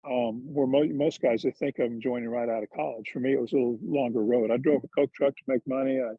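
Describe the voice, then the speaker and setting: A man's voice: medium pitch, steady tone, fast, slightly rough, dry recording. A man, a former touring golfer and TV commentator, telling candid, self-deprecating stories in a casual interview. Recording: dull lo-fi dry sound.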